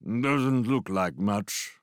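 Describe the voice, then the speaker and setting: A man's voice: lowish voice, very slow, no room sound, clean studio sound. A man voicing a clammy, cold middle-aged man who speaks in a disdainful way.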